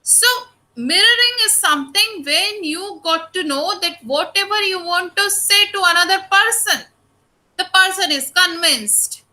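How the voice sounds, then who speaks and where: A woman teacher with an Indian English accent giving an online lecture, explaining slowly and addressing her students often. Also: very high voice, pushed and bright, rough recording.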